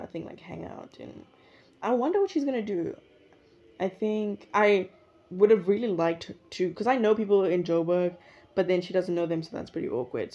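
A young woman talks alone on her podcast, rambling and reflective, stopping often to correct her own words. Her voice sits low and mellow. The recording is a little muffled and lo-fi. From South Africa. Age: young adult. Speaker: podcast host. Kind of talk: casual solo podcast monologue. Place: indoors at her usual recording spot.

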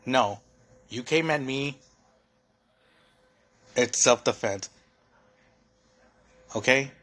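A man's voice: mid-range voice, drawn-out words, fairly bright tone. A young man hosting a solo podcast, venting in a heated, profane, rambling way full of fillers. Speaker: podcast host.

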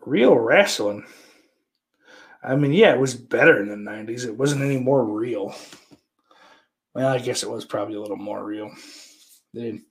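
With a creaky, medium-pitched voice, normal speed, and long pauses, this man runs a casual live stream. He reads out viewer comments and responds crudely and sarcastically, rambling and swearing a lot.

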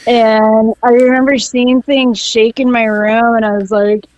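A woman's voice: fairly high pitch, little pitch movement, unhurried, a little mellow, dry recording. A woman in her thirties from southeast Alaska, co-hosting a podcast in casual chat, blunt and full of "like" fillers. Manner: chatty, lots of "like" fillers, blunt. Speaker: podcast co-host. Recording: dull, dry, lo-fi sound.

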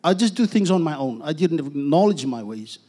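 A middle-aged man giving an earnest personal testimony as a preacher, halting with restarts and letting phrases trail off softly. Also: fairly high pitch, big pitch swings, slightly rough.

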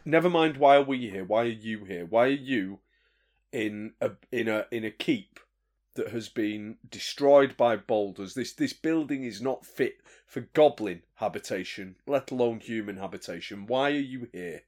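A man's voice: mid-range voice, normal speed, darkish tone, close to an everyday voice. A man voicing an earnest adventurer who stammers through urgent questions. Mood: agitated. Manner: flustered, stammering. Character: earnest adventurer demanding answers.

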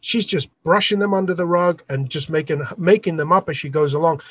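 A man's voice: on the high side, brisk, husky. A man, an artist and author, recounting a dispute in an interview with indignant emphasis. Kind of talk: storytelling in an interview.

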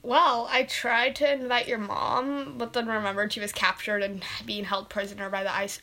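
A woman narrating pretend play in a playful way, brushing things off with quick dismissive asides. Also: on the high side, flat delivery, bright, forceful tone.

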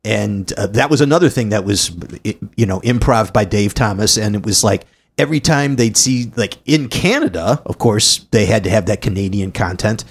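A man co-hosting a podcast in loose, rambling conversation. His voice sits low with a gravelly, husky grain. He drifts through his points with frequent fillers. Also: normal speed, few pauses. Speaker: podcast co-host. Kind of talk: casual chat.

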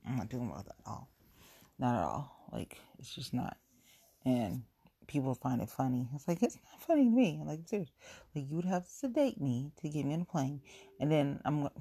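A woman's voice: rumbling low, creaky, dark tone, breathy edge, no echo. A woman from chatting casually on her own show, rambling, repeating herself and speaking frankly. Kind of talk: casual solo chat.

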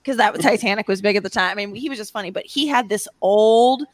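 A woman trades stories as a podcast guest, animated and chatty, laughing easily and peppering her talk with "like". Her voice is recorded close and dry. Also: mid-range voice, fast talker, no room sound. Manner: animated, chatty, laughs often, heavy use of "like". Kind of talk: casual podcast chat.

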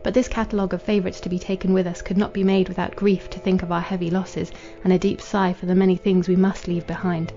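A woman narrates a literary novel in a measured, formal way, her voice mellow and dark in tone. Her pitch stays flat and level from line to line. The recording sounds dull and lo-fi, with faint music underneath. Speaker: audiobook narrator.

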